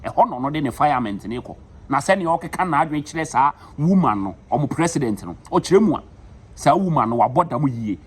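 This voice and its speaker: A man's voice: fairly high pitch, lively intonation, normal speed, slightly rough. A Ghanaian man with a Ghanaian accent hosting a news update, mixing Twi with English words. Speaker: news show host.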